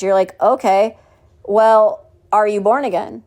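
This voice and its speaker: Woman, home Bible study sermon, mocking tone, rhetorical questions, medium pitch. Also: normal speed, a little mellow. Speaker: Bible teacher.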